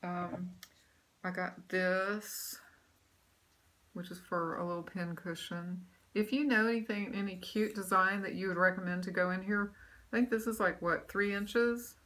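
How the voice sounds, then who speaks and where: At home, a cross-stitch vlogger chats casually about her stitching projects in a show-and-tell, rambling with lots of ums and restarts. Her medium-pitched voice is steady, a bit bright and a little slow, with a little hiss or hum in the recording.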